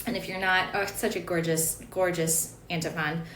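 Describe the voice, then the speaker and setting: A woman's voice: fairly low pitch, level tone, normal speed, fairly bright tone, roomy sound, a little hiss or hum. A woman giving an online lesson on chant notation, explaining patiently with fillers and small asides. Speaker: chant teacher.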